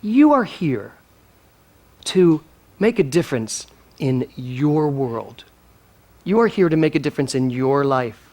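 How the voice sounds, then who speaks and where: A male minister preaching a sermon, animated and emphatic, drawing replies from his congregation and speaking earnestly and emotionally. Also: mid-range voice, slow, long pauses.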